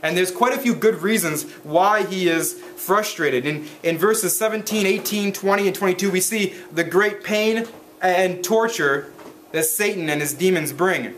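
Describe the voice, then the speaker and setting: Recorded on a handheld camera in a church, with a little hiss or hum, this man's voice sits high and sounds a bit bright. As pastor, he reads and explains scripture in his sermon, halting often and restarting sentences with fillers.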